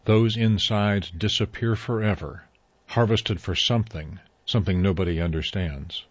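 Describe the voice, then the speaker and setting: A man reading a story aloud in a measured, even way. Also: fairly low pitch, dry recording, muffled recording. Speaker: narrator. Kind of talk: scripted story narration.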